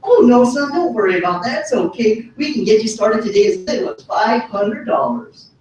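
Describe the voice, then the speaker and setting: A man's voice: sits high, animated, normal speed, darkish tone, a little hiss or hum. A man putting on a chirpy, pushy woman recruiter. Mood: reassuring. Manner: soothing, eager, pushy. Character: upbeat middle-aged woman recruiter, reassuring. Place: hotel ballroom. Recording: echoey hall from far off.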